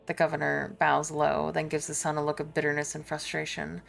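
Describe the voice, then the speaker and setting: A woman's voice: sits low, completely flat delivery, brisk, vocal fry. A woman streamer reading a role-playing game aloud, with casual, amused asides.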